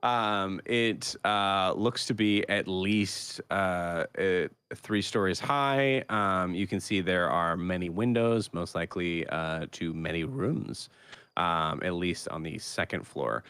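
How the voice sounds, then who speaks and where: Deep-voiced young man running a tabletop game. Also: a bit bright, clean tone, dry recording. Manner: halting, many fillers while describing scenes. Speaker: game master.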